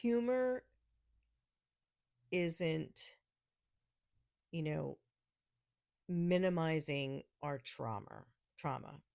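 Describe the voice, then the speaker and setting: Speaking slowly in a low, creaky voice with a darkish tone, a New York woman runs her own laid-back podcast. She's snarky and sarcastic, breaking into laughter often between comments, and the sound is clean studio audio with no echo.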